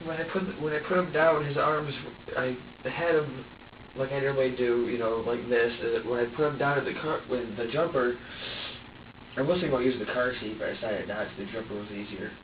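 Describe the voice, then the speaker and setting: A man under police questioning who recounts events haltingly, repeating himself and swearing. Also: medium pitch, slight background noise. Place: police interrogation room. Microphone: distant room camera mic. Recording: dull, echoey room audio from far off.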